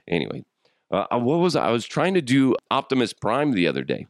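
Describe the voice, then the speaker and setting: A man in his thirties with a sick, rough throat, hosting a solo podcast in jokey, crude casual chat and laughing often. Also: medium pitch, wildly swooping pitch, brisk, no echo, studio quality. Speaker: podcast host.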